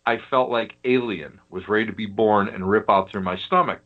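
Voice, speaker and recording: A man's voice: fairly low pitch, moderate pace. A man from Western New York, a guest telling a funny story on a podcast, laughing as he goes. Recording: dull lo-fi audio.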